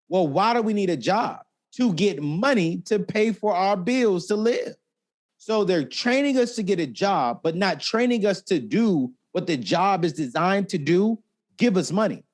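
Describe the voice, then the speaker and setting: A talkative man with a high voice appears as a personal finance expert guest, sharing money lessons in an animated interview. He tells stories expressively and easily, with lively vocal swings, acting out the people he quotes.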